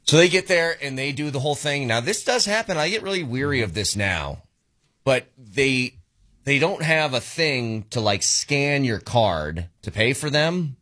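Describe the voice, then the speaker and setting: Man, radio co-host, bright voice, lively pitch, chatty anecdotes. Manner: chatty, quick anecdotes with quoted asides. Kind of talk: casual talk radio banter.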